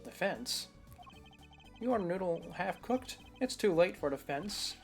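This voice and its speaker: A woman voicing a loud, folksy old male noodle vendor with a put-on drawling accent, reading game dialogue aloud. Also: on the low side, expressive, slow, faint music behind, pitched above the performer's own voice. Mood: boisterous.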